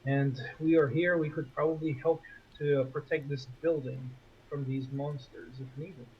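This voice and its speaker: Male tabletop player, a bit high-pitched, earnest and stumbling, on a muffled mic with faint noise. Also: steady tone, normal speed. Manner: earnest, restarting phrases. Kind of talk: in-character tabletop role-play.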